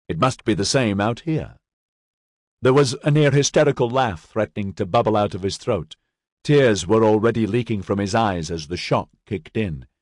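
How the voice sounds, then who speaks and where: A man reading scripted narration of a novel in a measured, dramatic way. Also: fairly low pitch, no room sound, clean studio sound. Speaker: audiobook narrator.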